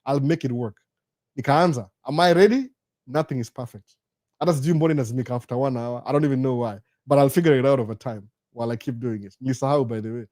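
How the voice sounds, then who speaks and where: A man's voice: mid-range voice, fast talker, no room sound. Chatty Kenyan man, dry close sound. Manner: chatty, animated, jokey asides. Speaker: live-stream host. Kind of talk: casual live Q&A chat. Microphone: studio microphone.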